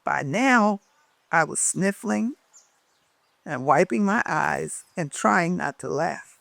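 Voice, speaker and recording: A woman reading her own memoir aloud as a lively storyteller who changes her voice for the people in it. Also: lowish voice, slow pace, vocal fry, no echo.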